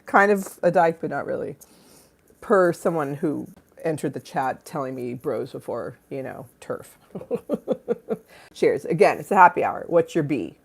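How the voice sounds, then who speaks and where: A woman hosting a casual livestream on her phone, playful and crude, swinging between loud bursts and low mutters. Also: lively intonation, measured pace, creaky, husky. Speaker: livestream host. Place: Los Angeles home.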